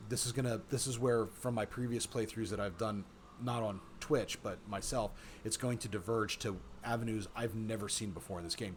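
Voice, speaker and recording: A man streaming a text game, reading its narration aloud with relaxed, chatty asides. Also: fairly low pitch, slight background noise.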